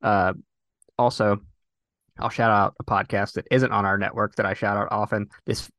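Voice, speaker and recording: A male podcast host in casual chat with a deadpan, self-deprecating humor. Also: lowish voice, normal speed, dry recording, clean studio sound.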